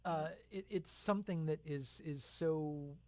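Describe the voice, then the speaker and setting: A man hosting a radio interview, heartfelt and quick with affirming interjections. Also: on the high side, mellow, no echo. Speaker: radio host.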